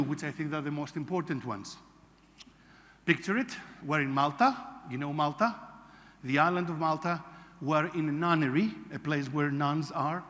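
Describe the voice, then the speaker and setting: A man from Greece, a psychology lecturer giving an animated conference talk and acting out quotes. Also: a little high. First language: Greek. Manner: animated storytelling, acts out quotes. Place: large conference hall. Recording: reverberant hall.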